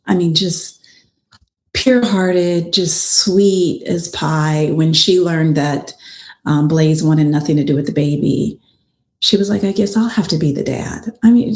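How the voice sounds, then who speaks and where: Female attorney-host, low and unhurried, plainspoken storyteller, recorded in an echoey room. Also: a little mellow. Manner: chatty and plainspoken, with frank personal asides. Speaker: family law attorney and podcast host. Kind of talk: casual storytelling recap of a trial.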